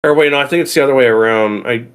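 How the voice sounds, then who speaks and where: A man guesting on a livestream, chatting casually in a relaxed, rambling way. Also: medium pitch, rapid-fire, clean tone. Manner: relaxed, rambling, with fillers and restarts. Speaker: guest co-host. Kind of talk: casual chat.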